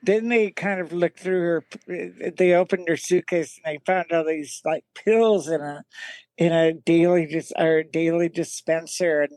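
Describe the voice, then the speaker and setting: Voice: medium pitch, steady tone, a little slow, a little mellow, no room sound. A guest in a casual interview telling rambling anecdotes, with many restarts and laughs. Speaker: guest, magazine founder and band singer.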